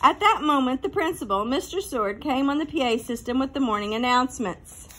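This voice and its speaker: A woman narrates a children's novel in a clear, even reading voice. Her pitch sits high for a woman. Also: a little fast. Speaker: audiobook narrator. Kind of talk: storybook narration.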